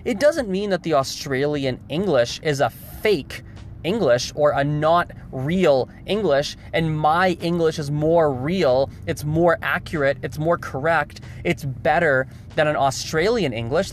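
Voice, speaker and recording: A man's voice: on the high side, normal speed, slight background noise. Male vlogger, casual monologue, emphatic with lots of restarts. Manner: emphatic, repeats words, restarts often. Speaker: video host.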